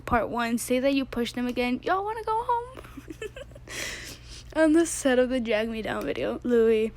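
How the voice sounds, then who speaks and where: A woman's voice: fairly high pitch, lively intonation, slow pace. A young woman reading fan tweets aloud in a casual way, often breaking into laughter. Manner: giggly, keeps breaking into laughter.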